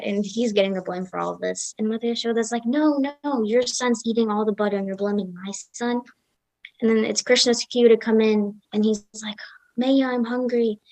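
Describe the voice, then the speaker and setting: A young woman telling a devotional story at a satsang in a casual, lively way, acting out the characters' lines. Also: mid-range voice, dry recording, poor audio. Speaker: satsang speaker.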